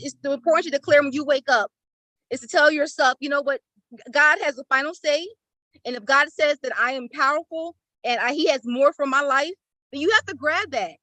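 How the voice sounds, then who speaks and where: A participant in an online class shares an emotional, tearful testimony of gratitude, overflowing with feeling. Her high voice sounds pushed and bright. She's on a video call via laptop or phone, and the recording is rough with no echo.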